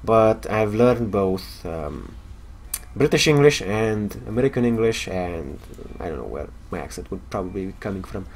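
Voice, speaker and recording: A man's voice: fairly low pitch, expressive, normal speed, a little mellow, a little hiss or hum. Man, young adult, romanian accent, casual game stream, hesitant, wry. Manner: hesitant, many fillers, wry.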